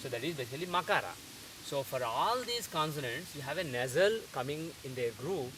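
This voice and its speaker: A man teaching pronunciation in a methodical lecture, repeating sounds slowly to show them. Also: fairly high pitch, lively intonation. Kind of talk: explanatory lecture. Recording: distant mic with faint hiss.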